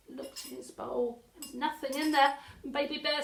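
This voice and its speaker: English woman storyteller for children: expressive, gasping, widely varied pitch, roomy sound. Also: normal speed, gravelly. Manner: animated, with dramatic gasps. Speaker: library storyteller. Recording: echoey room.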